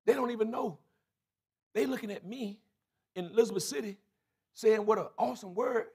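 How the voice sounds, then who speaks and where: A man preaching a sermon as bishop of his church, building to shouted climaxes, calling out to the congregation and acting out quoted voices. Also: sits high, normal speed, slightly rough. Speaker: bishop and pastor. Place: church sanctuary.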